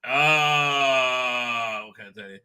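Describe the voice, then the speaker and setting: A man's voice: medium pitch, slow pace, bright, forceful tone, clean tone. A man hosting a livestream, ranting with a lot of swearing and exasperation, and reading chat messages aloud. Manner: reads chat names and comments aloud. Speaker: livestream host.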